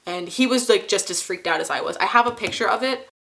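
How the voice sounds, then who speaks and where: A woman's voice: mid-range voice, fast talker, gravelly, fairly bright tone. A young woman in her twenties, casually telling a personal story to camera, rambling with many fillers and restarts.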